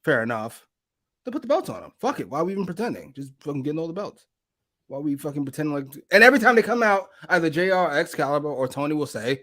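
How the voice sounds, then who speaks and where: A male podcast co-host tearing into the show with exasperated, expletive-filled rants. His fairly high voice swings widely in pitch as he vents. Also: very animated, quick pace, fairly bright tone. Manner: profane, exasperated ranting. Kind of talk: casual wrestling review chat.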